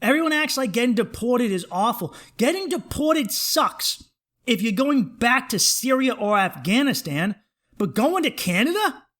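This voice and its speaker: High voice dude ranting and swearing on his comedy podcast, super emphatic. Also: sing-song, measured pace, fairly bright tone. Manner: profane, worked-up, emphatic.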